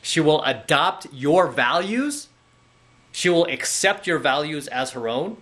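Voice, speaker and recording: A man's voice: on the high side, expressive, slow, bright, forceful tone. A man speaking as a dating coach in a direct-to-camera monologue, lecturing bluntly and often checking in with "okay?" and "right?".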